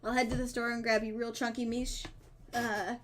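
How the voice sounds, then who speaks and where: A woman streamer reading a dating game's dialogue aloud, with playful asides and quick self-corrections. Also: on the high side, little pitch movement. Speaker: streamer playing a dating sim. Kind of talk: reading game text aloud with casual commentary.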